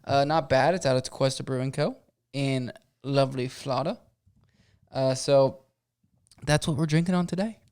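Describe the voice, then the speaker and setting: A man's voice: medium pitch, moderate pace, a little mellow, clear, resonant tone. A man co-hosting a casual sports podcast, upbeat and chatty, laughing easily with his co-host.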